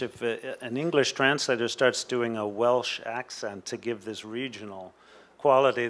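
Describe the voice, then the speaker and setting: A man's voice: medium pitch, a bit bright. A man speaking on an academic panel, explaining at length in a discursive way. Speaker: panelist at a literary roundtable.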